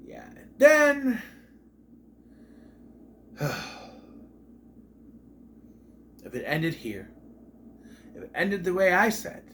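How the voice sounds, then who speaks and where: A young man gives a casual, rambling spoken review of a TV episode, sounding exasperated, swearing now and then and often restarting his sentences. His voice is a little high and very animated, with a sharp tone, normal speed and long pauses.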